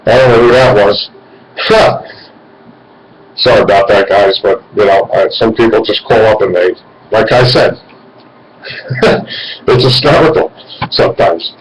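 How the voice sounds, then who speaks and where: A man's voice: on the low side, measured pace, long pauses, a little hiss or hum, poor audio. A man in his forties hosting a radio call-in show, talking in a rambling, meandering way. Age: 40s. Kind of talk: casual call-in talk.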